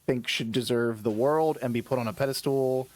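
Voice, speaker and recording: A man's voice: medium pitch, moderate pace. A man chatting casually on a stream, rambling through stories with lots of restarts and laughing at himself. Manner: rambling, self-interrupting storyteller who laughs at his own stories. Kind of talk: casual chat.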